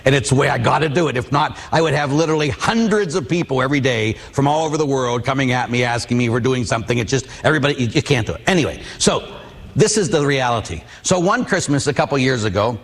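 A middle-aged Catholic priest preaches a sermon in a medium-pitched, creaky voice, talking quickly with lively intonation. He tells personal stories and puts rhetorical questions to the audience, and the recording carries a long hall reverb.

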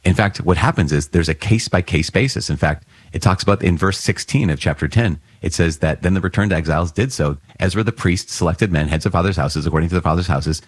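Man, priest's homily, very deep voice, husky, dry close sound, conversational and earnest. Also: fast, hardly any pauses, no room sound. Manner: conversational, earnest, with fillers and light laughs. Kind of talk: homily on scripture readings.

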